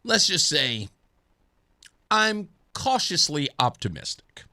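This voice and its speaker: A man's voice: fairly high pitch, sing-song, slow, pushed and bright. A man hosting a talk radio show in a studio, joking and chuckling as he talks through his points. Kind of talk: casual talk radio monologue.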